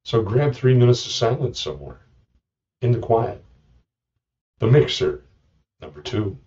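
A man's voice: mid-range voice, sing-song, measured pace, mellow, recorded from a distance, lo-fi sound. A man hosting a podcast, talking through listening tips in a rambling, joking monologue with many restarts. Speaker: podcast host. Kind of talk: casual monologue.

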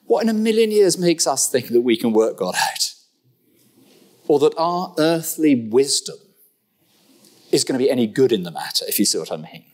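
Animated preacher, wry humor. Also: male voice, medium pitch, moderate pace, pauses often. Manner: animated and humorous, with rhetorical questions. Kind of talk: sermon. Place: church.

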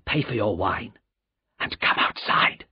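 A frightened, shifty spy talks low and urgently, his voice hushed and breathy, as a narrator plays him. His speech is slow, and the recording sounds dull and lo-fi. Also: very animated, exaggerated voice.

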